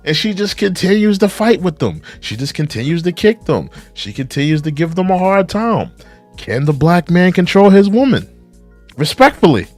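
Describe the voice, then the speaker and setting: Animated young man asking rhetorical questions. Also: high voice, no room sound. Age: young adult. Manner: animated, repeats rhetorical questions, reads viewer comments aloud. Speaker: reaction video host. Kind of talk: casual live commentary.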